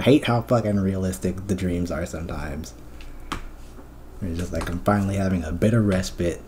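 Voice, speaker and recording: A man's voice: low voice, moderate pace, background noise. A man streamer in casual chat, recounting a dream in a profane, rambling way with lots of fillers.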